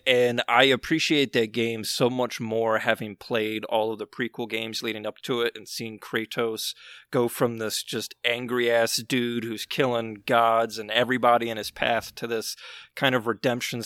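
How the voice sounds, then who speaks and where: A man with an ordinary middle voice chats easily as a podcast guest. He talks in a relaxed way with fillers, and his voice is recorded dry and close. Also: mid-range voice, measured pace, smooth, no room sound. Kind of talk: casual chat.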